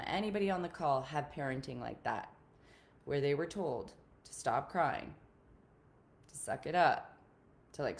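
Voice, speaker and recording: A woman's voice: sits low, expressive, a little slow, creaky, pauses often. A woman relationship coach talking casually on a live stream to her group, earnest and encouraging, often repeating her key points.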